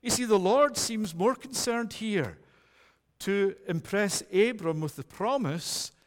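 A male preacher with a high, lively voice that rises and falls across each phrase. He speaks earnestly and emphatically, putting direct questions to his listeners. The sound carries a long hall reverb. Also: takes it slowly. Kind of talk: sermon.

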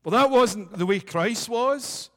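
A man's voice: very high-pitched, expressive, slow pace, a bit bright. A man preaching a sermon, emphatic and building repeated declarations with rising force. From United Kingdom. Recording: long hall reverb.

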